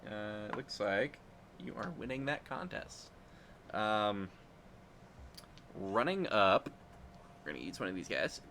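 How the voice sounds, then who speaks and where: A man running a tabletop role-playing game as game master, narrating in a relaxed, rambling way with fillers and chuckles. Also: lowish voice, takes it slowly, long pauses, a little hiss or hum.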